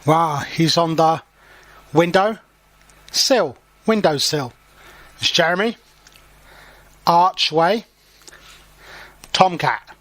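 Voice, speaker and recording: Male teacher reading a picture book to learners; patient, slow, with dry close sound. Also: a little high, fairly bright tone, no room sound. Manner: slow and clear, pausing to explain words. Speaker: English teacher. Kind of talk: storybook read-aloud for learners.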